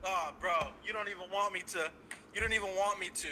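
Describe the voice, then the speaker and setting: Brash male caller, high and piercing, loud excitable rant, light line noise. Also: quick pace, rough recording. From San Francisco Bay Area. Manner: loud, cocky, excitable, swearing, laughing. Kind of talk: hyped fan call-in rant.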